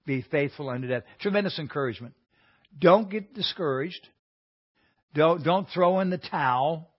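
A man's voice: on the high side, moderate pace, slightly rough. Earnest man teaching a Bible class. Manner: earnest, conversational teaching with frequent restarts. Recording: dull lo-fi recording.

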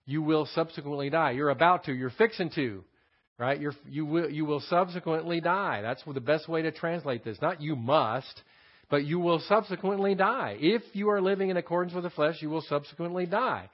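His voice is a little high and his speed normal: a pastor from Texas with a Texan accent, teaching a Bible passage. He explains the Greek words and repeats key phrases, heard through a dull lo-fi sermon recording.

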